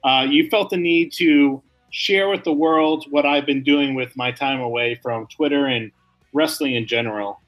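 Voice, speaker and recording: A man's voice: medium pitch, normal speed, fairly bright tone, faint music behind, low-quality recording. A man co-hosting a comedy podcast, rambling through mock-serious apologies. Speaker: podcast co-host. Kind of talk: casual comedic chat.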